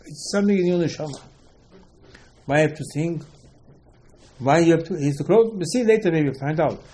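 A man's voice: on the high side, fairly quick, dark tone, low-quality recording. Man giving a rambling religious talk. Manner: rambling, repeats words, asks and answers himself; non-native English grammar. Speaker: religious teacher. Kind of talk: informal religious lecture.

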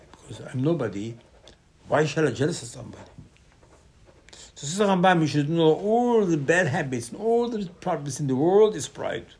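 A man in gives a Torah sermon, telling stories with sudden loud bursts and hushed asides. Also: mid-range voice. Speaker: rabbi teaching Torah.

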